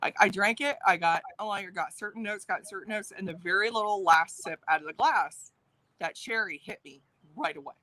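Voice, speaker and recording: A woman co-hosting a live whisky tasting, chatting in a relaxed, conversational way. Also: medium pitch, brisk, no echo. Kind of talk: casual live tasting chat.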